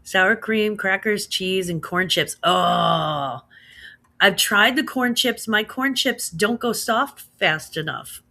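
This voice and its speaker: A woman's voice: medium pitch, slow, creaky, sharp tone. A woman in her thirties with a Midwestern American accent, casually chatting with her livestream audience, reading out comments and laughing along. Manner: chatty, laughs often, says girl and slaps. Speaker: livestream host reading chat. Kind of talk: casual chat.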